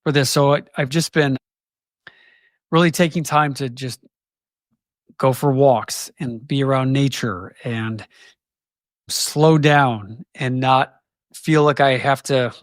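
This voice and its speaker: A man in his forties speaking candidly as an interview guest, reflective and halting, often restarting sentences. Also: medium pitch, dry recording, clean studio sound. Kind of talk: candid conversation.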